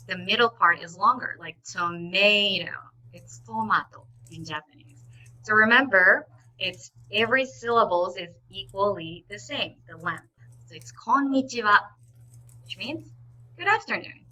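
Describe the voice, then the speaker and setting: Bright-voiced woman teaching a language. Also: mid-range voice, rough recording. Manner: models each word slowly and repeats it clearly; instructive and encouraging, often says "okay". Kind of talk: live online lesson.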